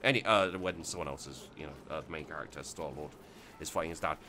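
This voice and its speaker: A low-voiced man chats loosely over his game footage, circling back and restarting his sentences as he goes. His voice has a bright, forceful edge, with a faint hiss underneath. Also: fast talker. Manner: rambling, many restarts and fillers. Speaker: let's play host. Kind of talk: casual gameplay commentary.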